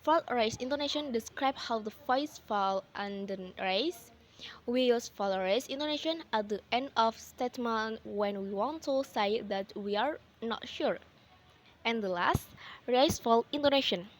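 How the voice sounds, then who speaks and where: A young woman with an Indonesian accent gives a classroom presentation, reading aloud carefully and saying "okay" often. Her voice is slightly high and her pace slightly slow.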